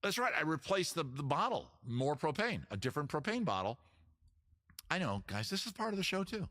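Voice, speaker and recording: A man's voice: a little high, sing-song, brisk, bright, forceful tone, dry recording, clean studio sound. A man hosting a casual live-stream at home outdoors, joking and rambling in a self-mocking way. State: out of breath. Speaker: livestream host, musician. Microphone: camera mic, moves away from it.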